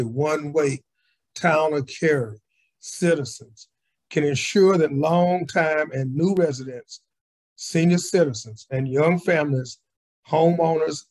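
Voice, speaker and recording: A man delivering a prepared civic speech in a measured, read-aloud way. His voice is a little high and husky. It comes through a video call. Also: a little mellow. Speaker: community organizer speaker. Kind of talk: prepared speech at a virtual assembly.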